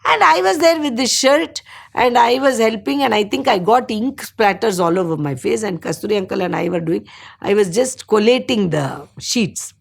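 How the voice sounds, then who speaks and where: An older woman from India tells her memories in conversation, and she acts out the people in them. Her voice is gravelly and a little husky. Her pitch swings widely as she talks. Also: normal speed. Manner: animated storyteller acting out voices. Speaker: devotee sharing memories. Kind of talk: storytelling in conversation.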